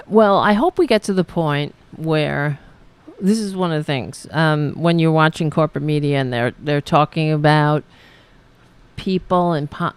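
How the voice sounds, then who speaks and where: A woman hosting a live-streamed show, chatting in a rambling, halting way, laughing and thanking viewers. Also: sits low, clear, resonant tone, dry recording. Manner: rambling, halting, laughs often, talks to her cats. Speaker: podcast host reading viewer comments. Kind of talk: casual live-stream chat.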